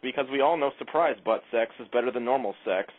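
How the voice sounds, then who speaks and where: Blunt male radio caller, mid-pitched, reading a list flatly over a tinny phone line. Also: fast talker. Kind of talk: call-in radio conversation.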